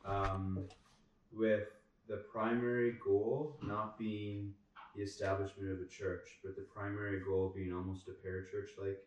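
A man's voice: lowish voice, flat delivery, a little slow, distant mic, muffled recording. A man in a class asking a long, winding question with hesitations, heard off-mic in a roomy space. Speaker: class participant.

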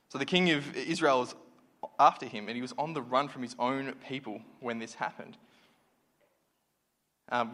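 A man delivers a sermon in a talky, reflective way, often pausing and restarting his sentences. His voice sits at an ordinary middle pitch. It echoes with a long reverb through a church hall. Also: fairly bright tone. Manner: conversational, reflective, with many fillers and restarts. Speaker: preacher.

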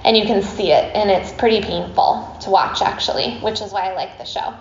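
A woman's voice: mid-range voice, a little fast, a little hiss or hum. A woman telling a story to a group, chatty and casual, with lots of fillers and laughs. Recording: echoey room, slightly dull sound.

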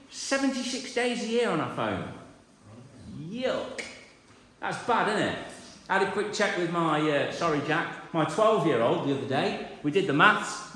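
A man, preaching a lively sermon and acting out the voices in the story. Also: sits high. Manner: animated, acts out voices, builds repetition. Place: church. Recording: echoey church hall.

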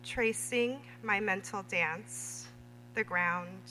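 A woman reading her own memoir prose aloud at a literary reading, measured and deliberate. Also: mid-range voice, pushed and bright. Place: reading event in a hall. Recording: reverberant hall with faint hum.

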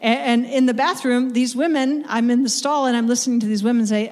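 A woman's voice: on the high side, a little fast, hardly any pauses, a little mellow, big-room sound. A woman preaching a sermon to a live audience, speaking emphatically and often repeating words as she builds her point.

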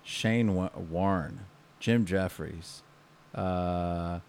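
A man in casual chat, halting with fillers, sometimes reading a story aloud. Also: sits low, darkish tone, slight background noise. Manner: halting, many fillers, reads news aloud.

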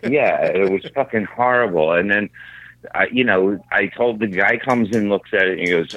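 A man telling a profane, animated rant in casual chat. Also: lowish voice, normal speed, a little hiss or hum. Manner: profane, ranting, animated storyteller. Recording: tinny phone-like line, dry.

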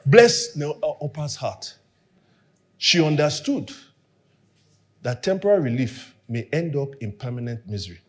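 A man's voice: on the high side, unhurried, long pauses. A young man preaching a sermon, acting out quoted dialogue and dropping to near whispers for emphasis. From Nigeria. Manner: animated, acts out quoted dialogue. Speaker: pastor.

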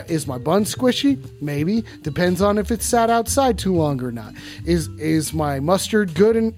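A streamer doing a cocky hot dog running a late-night call-in show, all swagger and showman patter. The voice sits at an ordinary middle pitch and slides into lazy drawls and nonsense scatting. Soft music plays underneath. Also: close to an everyday voice. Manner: swaggering radio-host patter, drawls and scats. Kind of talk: comic live-stream role-play.

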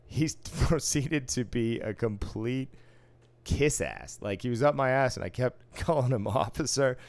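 A man's voice: mid-range voice, animated, measured pace, a little mellow, no echo. A man casually telling a work story from the casino floor, profane and wry, acting out the exchanges he quotes.

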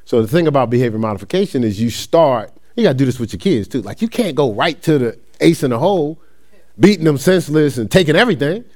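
A man's voice: mid-range voice, animated, fast, darkish tone. A middle-aged man teaching a Bible study class in a conversational way, reading scripture and then explaining it with stories from his own life. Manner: restarts sentences and asks listeners "right?".

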